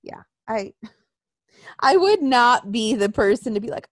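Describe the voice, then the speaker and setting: Lively swearing woman on a podcast, slow drawn-out talk, pretty dry sound. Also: a little high, no echo. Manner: profane, animated, mocking. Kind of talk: casual wrestling chat.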